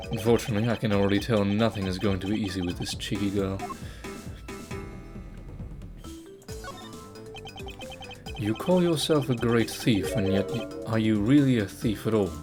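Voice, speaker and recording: A man voicing a proud, formal young prosecutor, measured and dignified, slightly lower than his usual voice. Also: close to an everyday voice. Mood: dry. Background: game music.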